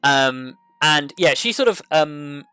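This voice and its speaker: Halting man narrating a tabletop game. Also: fairly high pitch, animated, sharp tone, clear, resonant tone, dry recording, faint music behind. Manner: halting, full of fillers. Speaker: game master.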